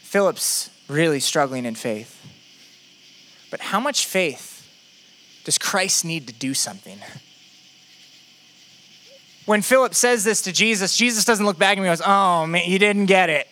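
A male pastor preaches in a relaxed, conversational way and asks his listeners many rhetorical questions. His voice is high and bright. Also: unhurried, pauses often, slight background noise. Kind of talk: sermon.

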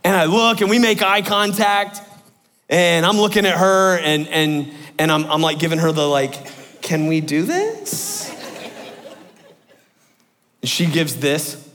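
A man telling an animated personal anecdote to an audience. He is excitable and full of fillers, and jumps into high exclamations. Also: moderate pace. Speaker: speaker telling a story to an audience. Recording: echoey hall with long reverb.

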